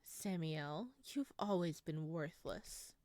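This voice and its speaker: A woman's voice: low voice, slow pace, darkish tone, no room sound, clean studio sound. Woman doing a cold scornful mother. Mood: contemptuous. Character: cold cruel dead mother, contemptuous.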